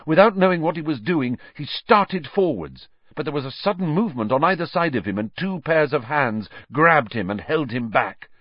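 A man reading a story aloud in a dramatic, measured audiobook style. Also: on the high side, animated, husky, dry recording, highs cut off. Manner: dramatic, measured, varied delivery. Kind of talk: audiobook narration.

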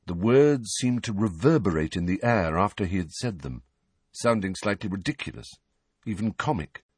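A man narrating an audiobook in an expressive, varied storytelling manner. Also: on the low side, slightly rough, no echo. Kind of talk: scripted narration.

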